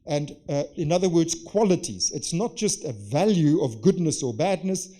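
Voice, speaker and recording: A man giving an academic conference lecture, lively, posing rhetorical questions and acting out examples. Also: a little high, normal speed. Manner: lively, poses rhetorical questions and acts out scenarios. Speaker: conference speaker. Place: conference session.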